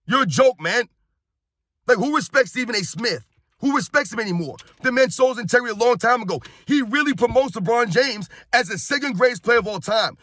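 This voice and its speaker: A man's voice: very high-pitched, animated, brisk, fairly bright tone, no room sound. A man from New York in his thirties, ranting heatedly and bluntly in sports commentary, repeating himself and calling his viewers guys.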